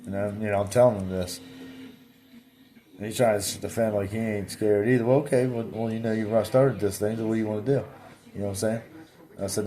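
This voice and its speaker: A man's voice: fairly low pitch, a little fast. A man vlogging, telling a story in a blunt, plainspoken way and acting out his own replies. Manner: animated, reenacts his own replies with repeated "I said". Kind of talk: casual storytelling.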